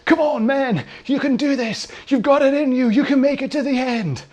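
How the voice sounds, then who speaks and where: A man putting on a shouty, macho male gym motivator who pushes hard with loud cheering. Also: extremely high pitch, moderate pace, voice pushed up. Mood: pumped up.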